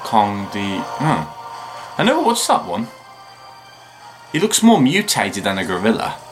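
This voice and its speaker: A tired man hosting a video reaction, rambling and chatting with frequent excited remarks and laughs. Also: on the low side, measured pace, over music. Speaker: reaction channel host. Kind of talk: casual video reaction commentary.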